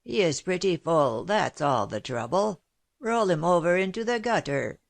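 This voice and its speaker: Coarse wagoner voiced by a woman, thick voice, impatient, low, audiobook. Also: animated, moderate pace, creaky, no room sound.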